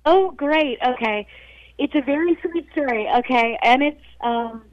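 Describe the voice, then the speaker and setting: A woman calling in to a radio show, speaking in a soft, emotional and halting way. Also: sits high, dry recording. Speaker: caller. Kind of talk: casual phone call. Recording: dry, muffled phone line.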